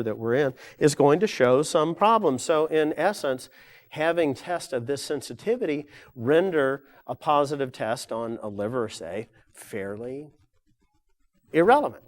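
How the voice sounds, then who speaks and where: A man's voice: mid-range voice, lively intonation, moderate pace. An older man giving a live lecture to an audience, rambling along with frequent fillers and self-corrections.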